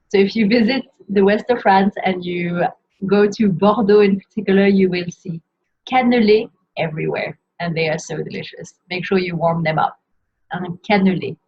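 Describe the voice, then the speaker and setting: A woman teaching how to pronounce pastry names in a slow, careful lesson, saying each word and repeating it. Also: medium pitch, slightly rough. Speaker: French teacher. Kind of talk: pronunciation lesson. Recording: dull lo-fi sound.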